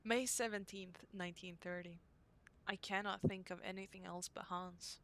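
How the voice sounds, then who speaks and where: A woman reading aloud the diary entries of a young woman devoted to her brother, in an earnest, unhurried way. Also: mid-range voice, steady tone, fairly bright tone, natural voice. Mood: anxious.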